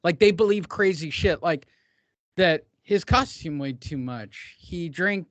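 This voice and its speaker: A man's voice: a little high, animated, measured pace, no room sound, dull audio. A man hosting a casual boxing podcast, sarcastic and profane, stretching words for emphasis.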